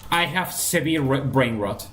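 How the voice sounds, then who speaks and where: A man's voice: mid-range voice, lively intonation, measured pace, fairly bright tone. A man giving casual gameplay commentary, joking, mocking himself and thinking aloud as he plays. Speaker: gameplay streamer.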